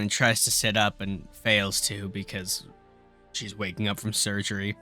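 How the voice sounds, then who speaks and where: Casual swearing gamer guy, lowish voice. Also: flat delivery, normal speed, bright, forceful tone, no echo, faint music behind. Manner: swears freely, grumbles and exclaims at mistakes; rambling storytelling with filler words. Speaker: game-building YouTuber. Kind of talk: casual commentary while building.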